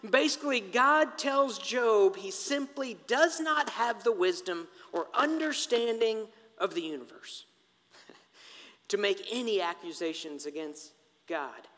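A man preaching a sermon in an animated, conversational way, turning often to the congregation with asides. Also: high voice, in a large hall.

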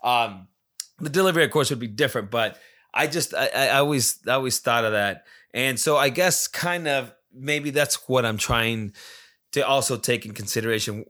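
Brief: male solo podcast host, English as a second language, loose profane rambling, bright tense tone. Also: mid-range voice, moderate pace. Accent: non-native English. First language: not English. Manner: rambling, profane, many restarts and repetitions. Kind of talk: casual solo podcast monologue.

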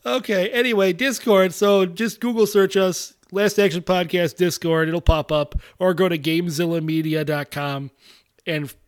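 A man's voice: sits high, fairly even intonation, normal speed, clean tone. A man hosting a podcast, steering the conversation with a teasing, casual manner. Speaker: podcast host. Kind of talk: casual chat.

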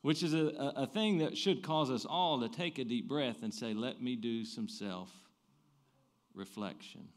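Animated pastor preaching. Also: male voice, medium pitch, a little slow. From American South. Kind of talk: sermon.

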